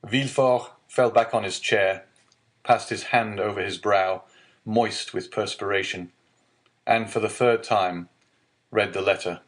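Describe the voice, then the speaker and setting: A man narrating a classic novel as an audiobook, in a measured storytelling manner. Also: lowish voice, steady tone. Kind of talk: scripted narration.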